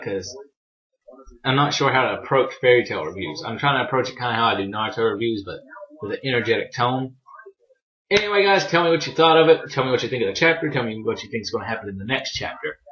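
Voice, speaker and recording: A man's voice: mid-range voice, animated, fast, fairly bright tone, muffled recording. A young man chatting casually through a manga chapter review, rambling, swearing freely and poking fun at himself.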